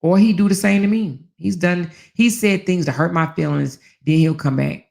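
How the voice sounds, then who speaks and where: A woman hosts a casual talk channel, telling her viewers stories in an animated way, laughing often, swearing casually and acting out the lines she quotes. Her voice is fairly low and gravelly, and she talks at a normal speed.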